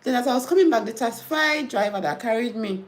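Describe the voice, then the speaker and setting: High-voiced Nigerian woman, chatty storyteller. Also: quick pace. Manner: animated storytelling, mixing in pidgin. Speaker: nurse and host. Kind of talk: casual chat reading comments.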